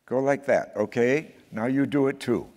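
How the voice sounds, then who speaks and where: A man, a priest, gently instructing a group in a spiritual practice and leading a call-and-response chant. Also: mid-range voice. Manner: unhurried, gently instructive, repeating names in chant. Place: large hall at a faith festival. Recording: long reverb of a large hall.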